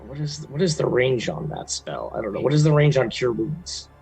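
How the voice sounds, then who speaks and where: Man, tabletop player, hesitant, thinking aloud, gravelly husky voice, faint music. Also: mid-range voice, very animated, moderate pace, a little mellow, rough recording. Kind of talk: casual chat at a game table.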